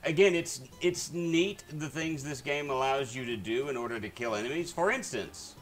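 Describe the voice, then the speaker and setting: A man talks through a video game on a live stream, chatting casually to his viewers. He rambles and trips over his words, stacking up fillers and restarts. Soft game music plays quietly underneath. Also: on the high side, moderate pace, hardly any pauses. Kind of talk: casual gameplay commentary. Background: faint game music.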